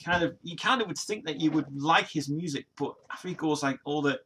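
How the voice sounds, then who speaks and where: A man in his forties from Nottingham, with East Midlands English speech, hosts a casual livestream reading viewer comments, rambling with many restarts and fillers and laughing often. His voice is a little high, pushed and bright, a little fast, with slight background noise.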